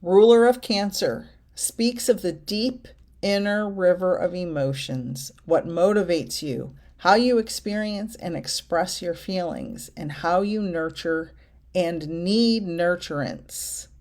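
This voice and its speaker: Lady medium pulling oracle cards, kinda low voice, talks slow, chatty and gushing. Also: a little mellow. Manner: chatty and effusive, reads card text aloud. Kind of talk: card-reading vlog.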